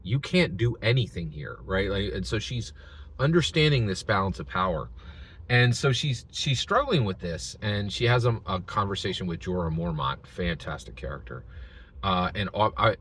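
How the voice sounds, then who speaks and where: Animated low-voiced man. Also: normal speed, a little hiss or hum. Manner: animated storytelling, acting out quotes in different voices; rambling with frequent restarts and filler words. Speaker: video commentator. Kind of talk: casual spoken commentary.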